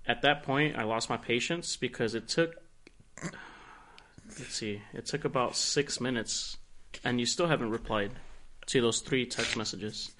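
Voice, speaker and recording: A young man co-hosting a podcast, talking casually in a crude, animated, mock-accusing way. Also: mid-range voice, a little slow. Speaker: podcast co-host. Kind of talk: casual chat.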